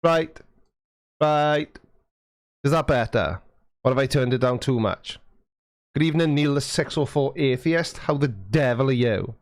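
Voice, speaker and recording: Speaking at a medium pitch with lively intonation, this man hosts a casual livestream, joking with his audience, reading their messages, and tweaking his settings. His pace is a little slow with frequent pauses, and the dry, clean studio recording comes through a foam-windscreened mic.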